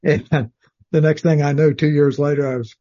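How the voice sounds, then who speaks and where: An older man from South Texas, a retired Army officer as a podcast guest, speaking in a calm, soothing, measured way. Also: fairly high pitch, lo-fi sound. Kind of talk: casual interview.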